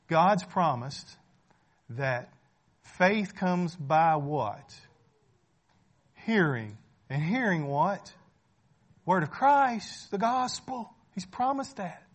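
Man preaching in a higher register. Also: husky. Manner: rhetorical questions, often checking in with "right?"; repeats phrases for emphasis, conversational. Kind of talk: sermon.

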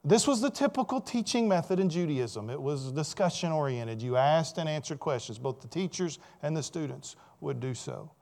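Conversational preacher asking rhetorical questions. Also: male voice, a little high, animated, normal speed, few pauses, a little mellow. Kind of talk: sermon.

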